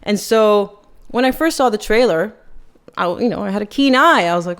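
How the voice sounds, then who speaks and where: A woman's voice: medium pitch, animated, normal speed. Sarcastic woman podcast host. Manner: sarcastic, critical, chatty. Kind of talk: casual opinion commentary.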